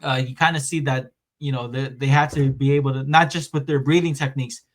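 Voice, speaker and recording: A man's voice: medium pitch, steady tone, fairly quick. A man hosting a podcast, recapping an anime season in a rambling, casual way with lots of fillers. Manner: rambling, filler-heavy recap with acted-out quotes. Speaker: podcast host.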